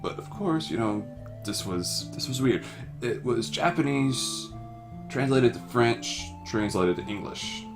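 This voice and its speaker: A man's voice: mid-range voice, expressive, unhurried, music in the background. A young man casually reading aloud through a text game. He swears often and stumbles over words. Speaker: game reader. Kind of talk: casual let's-play reading.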